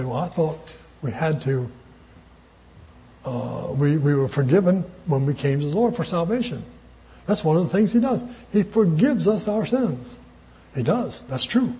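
A man delivers a sermon with emphatic conviction, hammering his key words through repetition. His voice sits somewhat high for a man yet sounds mellow and warm, and he lets out a chuckle between points. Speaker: preacher.

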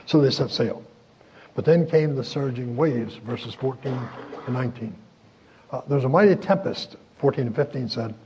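A man preaching a sermon in a folksy, chuckling way, with many pauses and fillers. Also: medium pitch, expressive, a little mellow, slight background noise, low-quality recording.

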